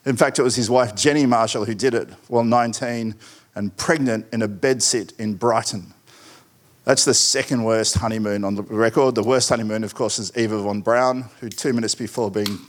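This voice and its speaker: A middle-aged man delivers a conference keynote. He has a mid-range voice and tells his points through wry, rambling asides and anecdotes. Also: mid-range voice. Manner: wry, digressive storyteller with asides. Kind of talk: conference presentation.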